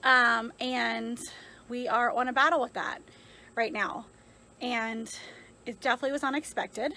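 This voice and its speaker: A woman's voice: a little high, fairly even intonation, a little slow, sharp tone, poor audio. A woman in her thirties speaking earnestly and reflectively into her phone, a mother sharing her story in a heartfelt vlog with lots of fillers. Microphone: phone held in hand.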